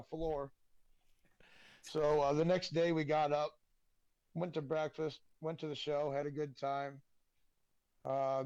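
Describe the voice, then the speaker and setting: A man's voice: fairly high pitch, a little mellow, no room sound, highs cut off. Man spinning rowdy road-trip stories. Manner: rambling, profane, laughing anecdotes. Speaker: podcast guest. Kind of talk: casual storytelling.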